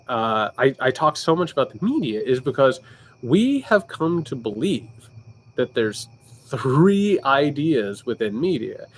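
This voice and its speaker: A man with a Southern Indiana accent talking casually on a livestream, loose and candid, often restarting his sentences as he answers viewer questions. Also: on the high side. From Indiana, United States. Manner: animated, with frequent restarts. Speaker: political commentator livestream host.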